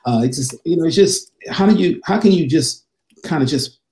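A man's voice: a little high, animated, moderate pace, mellow, reverberant. A man co-hosting a podcast in casual chat, easygoing and rambling, laughing at his own jokes. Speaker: podcast co-host.

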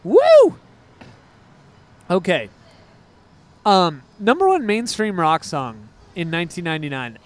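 A man with a fairly high speaking voice co-hosts a music podcast in loose, casual chat. He rambles with excitable energy and keeps wandering off into tangents before finding his way back. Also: normal speed. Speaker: podcast co-host.

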